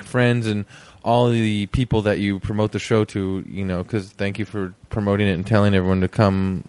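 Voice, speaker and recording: A man with a low voice opens his podcast episode, rambling and joking, with many fillers. The sound is dry and close, with no room around it. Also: clean tone, no echo. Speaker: podcast host. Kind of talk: casual podcast intro.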